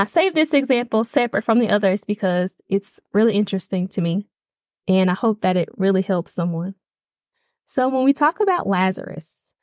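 A woman's voice: mid-range voice, no echo, clean studio sound. A woman hosting a faith podcast in a casual, emphatic way, often checking in with her listeners. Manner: conversational, emphatic, checks in with "okay?". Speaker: podcast host.

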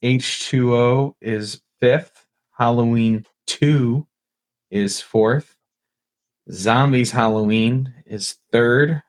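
A man talking as a guest in a casual podcast chat, relaxed and easygoing. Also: mid-range voice, extremely slow.

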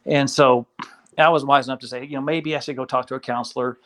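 Man telling a story in animated speech. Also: medium pitch, fast. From Kentucky. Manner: animated, acts out quoted voices. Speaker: interview guest. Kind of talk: casual storytelling.

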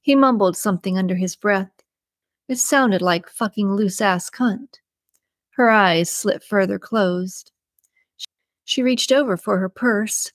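A woman reading a novel aloud in steady, even scripted narration, close to the mic. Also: medium pitch, no room sound. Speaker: audiobook narrator.

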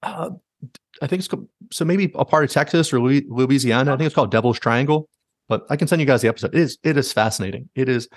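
A man's voice: medium pitch, fast, dry recording, studio quality. A man hosting a podcast, animatedly retelling stories in casual chat and leaning heavily on "like". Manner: animated retelling, heavy use of "like". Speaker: podcast host.

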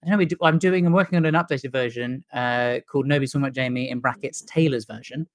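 A man's voice: mid-range voice, fairly even intonation, fast talker, no echo. A man, a musical comedian, chatting as a podcast guest in a rambling, self-deprecating way. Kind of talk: casual chat.

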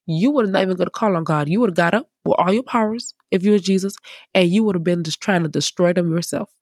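A woman preacher giving casual, emphatic Bible teaching in a conversational, animated way. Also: lowish voice, fast, breathy edge, no echo, studio quality.

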